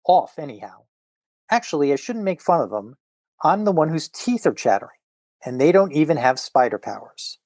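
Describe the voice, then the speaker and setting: A man's voice: fairly high pitch, big pitch swings, moderate pace, darkish tone, no room sound, studio quality. A man voicing a wisecracking young photographer hero as he reads a comic aloud. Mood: wry.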